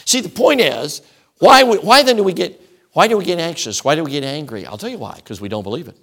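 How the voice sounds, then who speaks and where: A man's voice: on the high side, expressive, quick pace, fairly bright tone. Middle-aged preacher guy, sermon mode, voice swinging all over, punchy repeated lines. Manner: emphatic, repeats phrases in rhythmic lists. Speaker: traveling preacher.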